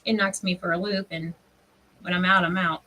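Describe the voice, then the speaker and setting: Animated, laughing woman crafter telling stories. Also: lowish voice, moderate pace, far from the mic, low-quality recording. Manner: animated storyteller, laughs often. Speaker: craft livestream host. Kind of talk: casual chat while crafting.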